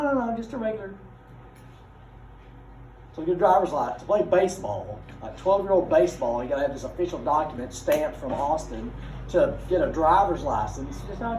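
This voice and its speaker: A man teaching a class, explaining ideas through folksy, animated personal stories. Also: on the high side. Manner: folksy and animated, drawling asides. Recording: echoey room, mic far off, noisy.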